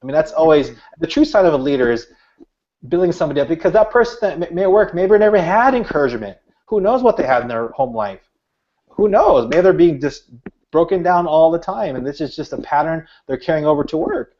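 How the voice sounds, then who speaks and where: A man's voice: a little high, expressive, brisk, a little mellow. A middle-aged man, an author and speaker, telling stories earnestly in an interview, with many restarts. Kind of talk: interview, storytelling. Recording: dull lo-fi audio.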